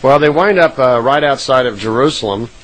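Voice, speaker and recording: A man's voice: mid-range voice, a little fast, fairly bright tone, rough recording. A man casually retelling a recorded account, rambling with frequent "uh" fillers and self-corrections.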